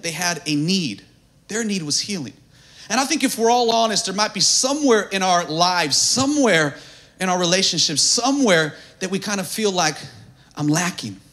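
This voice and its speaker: A male pastor preaching at a church service, swinging from hushed, near-whispered lines to shouted, sing-song climaxes. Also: sits high. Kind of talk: sermon.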